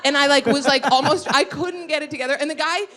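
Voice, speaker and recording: A woman comedian co-hosting a live podcast, telling stories in an animated way, laughing often and acting out what people said. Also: high voice, fast. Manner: animated, laughs through her stories, acts out quotes. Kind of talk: live podcast banter, storytelling. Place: live venue before an audience.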